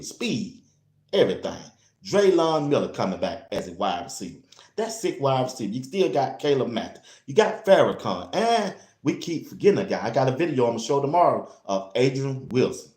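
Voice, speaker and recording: A man hosting a casual sports talk show, blunt and animated, speaking straight to his listeners. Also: medium pitch, normal speed. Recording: roomy echo.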